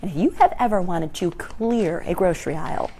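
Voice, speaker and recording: A woman hosting a casual chat, laughing often as she tells funny stories and acts out a toddler's shouts. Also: lowish voice, expressive, fairly quick. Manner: laughs often between sentences; amused, storytelling. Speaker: host.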